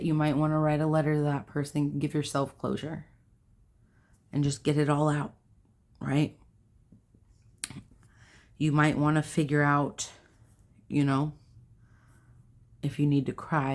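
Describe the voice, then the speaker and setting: A woman's voice: sits low, darkish tone. A young adult woman hosting a self-help video, talking casually to camera in a rambling way, with fillers and self-corrections.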